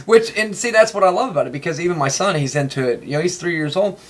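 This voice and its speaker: An excitable man, talking fast and rambling through a casual interview. His voice sits a little high for a man, and he laughs often between stories. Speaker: interview guest, toy collector.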